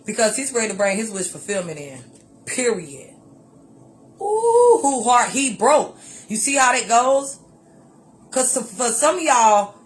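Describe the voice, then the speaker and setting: With a fairly high pitch and slight background noise, a woman delivers a tarot reading to viewers. Her manner is lively and exclamatory, she calls people honey, and she repeats phrases for emphasis.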